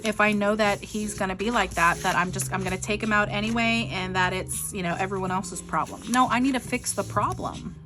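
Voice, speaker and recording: A woman's voice: medium pitch, steady tone, a little fast, few pauses, over music. A middle-aged woman telling a rambling, frustrated story in a casual vlog, full of likes and ums. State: frustrated, near tears. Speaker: vlogger.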